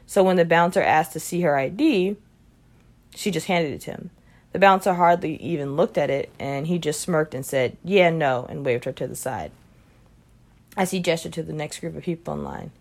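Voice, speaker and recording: Low, gravelly woman reading a story. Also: normal speed, a little mellow. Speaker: reader. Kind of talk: reading a short story aloud.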